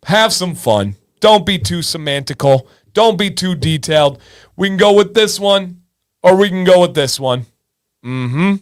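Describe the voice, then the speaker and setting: A man in his thirties runs a relaxed livestream, joking and chatting with his viewers. He speaks slowly, with a smooth, clear voice that sits a little high for a man. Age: 30s. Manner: jokey, sings snatches of songs, chats with viewers. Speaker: livestream host. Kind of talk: casual livestream chat.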